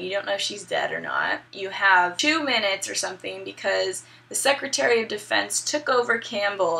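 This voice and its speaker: Bright, gravelly young woman chatting. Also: medium pitch. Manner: chatty, swearing, upbeat. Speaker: gaming video host. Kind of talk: casual story recap.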